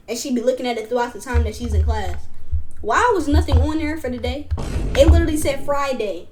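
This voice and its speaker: A young woman, casually telling a school story to her stream chat in an animated, slangy way. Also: sits high, slight background noise. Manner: animated, slangy, acts out classmates.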